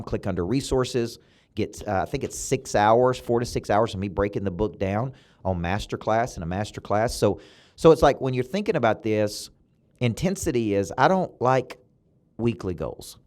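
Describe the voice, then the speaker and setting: Emphatic Southern man coaching hard. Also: fairly low pitch. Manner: punchy, emphatic, preacher-like cadence with sudden loud peaks. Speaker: motivational coach and podcast host. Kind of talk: motivational podcast monologue. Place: his own podcast studio building.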